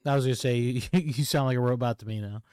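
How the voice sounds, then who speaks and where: A male podcast co-host in a casual sports chat, relaxed and rambling with fillers. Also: mid-range voice, quick pace, clear, resonant tone, no room sound. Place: home setup on a call. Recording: noisy call audio.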